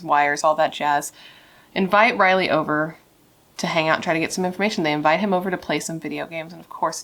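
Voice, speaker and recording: A woman's voice: deep voice, fairly bright tone. A young woman telling a true crime story in a casual, chatty way, swearing and saying "like" a lot.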